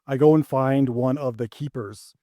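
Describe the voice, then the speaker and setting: A young man doing a stand-up set, rambling and hesitant with many restarts, landing deadpan punchlines. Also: medium pitch, normal speed, no echo. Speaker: stand-up comedian.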